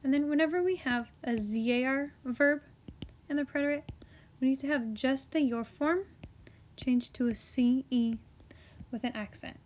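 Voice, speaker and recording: A young woman teaching a Spanish grammar lesson to her class, chatty and encouraging, slipping into soft whispers as she writes. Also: high-pitched, moderate pace.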